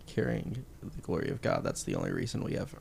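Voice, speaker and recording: A man's voice: extremely low pitch, huge pitch swings, brisk, creaky, a little mellow, slight background noise. A man co-hosting a casual faith discussion, chiming in with dry, teasing asides.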